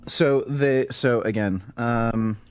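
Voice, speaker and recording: A man's voice: mid-range voice, takes it slowly, clean tone. A man in an online political debate who hesitates and stammers, with many filler ums.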